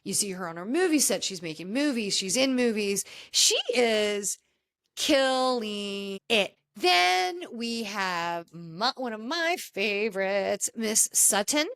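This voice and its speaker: A woman's voice: medium pitch, lively intonation, takes it slowly, fairly bright tone. A woman hosting a podcast, casually recapping a reality show in a chatty, opinionated way and acting out the dialogue. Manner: chatty and opinionated, acts out quoted dialogue, frequent restarts. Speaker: podcast host.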